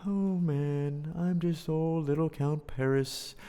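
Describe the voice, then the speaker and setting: A man's voice: fairly high pitch, slow, mellow, smooth. A man doing a meek, self-deprecating nobleman. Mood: modest. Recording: reverberant room.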